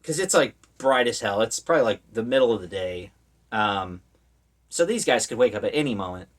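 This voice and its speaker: A man's voice: on the low side, expressive, a little fast. A man giving a casual spoken movie review, rambling through the plot with lots of fillers and wry, sarcastic asides.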